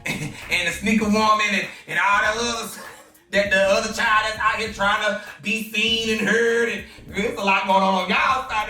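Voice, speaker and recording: A man's voice: sits high, sharp tone, reverberant, far from the mic, rough recording. A man giving sassy gossip commentary, calling the listener girl.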